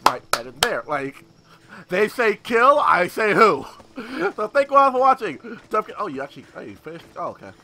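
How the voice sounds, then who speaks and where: A man giving casual gameplay commentary, excitable, swearing and laughing often. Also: high-pitched. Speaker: gaming YouTuber.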